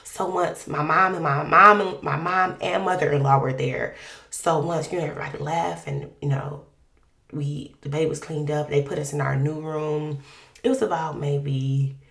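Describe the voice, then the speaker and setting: Gravelly woman telling a faith testimony. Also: low voice, moderate pace, reverberant. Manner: conversational, animated, colloquial. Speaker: podcast guest sharing a testimony. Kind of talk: personal faith testimony storytelling.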